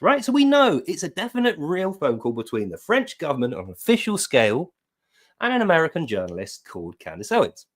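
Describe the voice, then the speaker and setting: A man delivering a sarcastic commentary rant, his voice fairly high and swinging widely between highs and lows. He sounds mocking and incredulous. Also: a bit bright. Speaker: online commentator.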